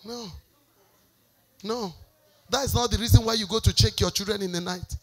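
A woman pastor leading a church sermon, shouting prayer declarations for the congregation to repeat and then dropping to a quieter preaching voice. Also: medium pitch, moderate pace, slightly rough. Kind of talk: sermon with call-and-response prayer.

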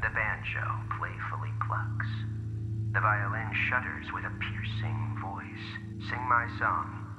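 A man's voice: on the low side, takes it slowly, lo-fi sound. A man voicing an obsessive, cryptic music director who recites grandly in a game audio log. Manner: grandiose, reciting, partly whispered.

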